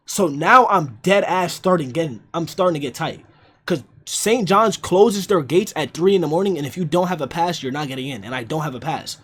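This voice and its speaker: A young man telling a story casually on a livestream, animated and profane, repeating lines for emphasis. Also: on the high side, a little fast, slightly rough. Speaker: streamer.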